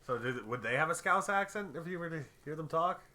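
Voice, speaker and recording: A man's voice: a little high, lively intonation, fast talker, sharp tone, roomy sound. A man chatting loosely on a game livestream, rambling with lots of fillers. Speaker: streamer playing a game. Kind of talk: casual game-stream chat.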